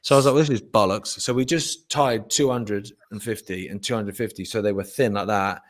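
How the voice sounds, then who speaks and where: A middle-aged man with a low voice, telling sweary, animated stories as a podcast co-host. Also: brisk. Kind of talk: casual chat.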